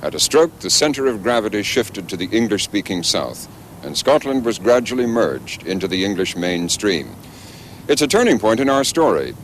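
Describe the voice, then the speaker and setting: A man narrating a documentary in a measured, scripted way. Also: fairly low pitch, slight background noise.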